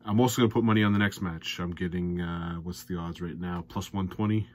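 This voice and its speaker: A man's voice: fairly even intonation, brisk. Exasperated man ranting about darts. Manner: ranting, exasperated, loud and high when worked up. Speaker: darts predictions host. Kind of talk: sports betting commentary.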